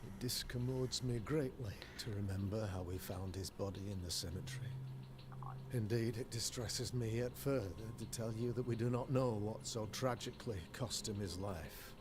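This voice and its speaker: A man voicing a pompous, courtly colonial governor in a story game, with a lowish voice and flowery formal speech. Steady ambient noise runs under the game audio. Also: close to an everyday voice. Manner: formal, long-winded and courtly. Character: pompous middle-aged male colonial governor.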